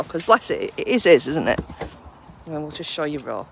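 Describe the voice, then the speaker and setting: A woman's voice: low-pitched, big pitch swings, fairly quick, a little hiss or hum. A woman, a mindfulness class instructor, chatting casually on a live stream from home on a handheld phone and cooing in baby talk at her dogs.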